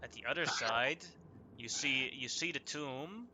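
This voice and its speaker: Bright-voiced male game master. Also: mid-range voice, measured pace, slight background noise. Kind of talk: running a tabletop game on stream.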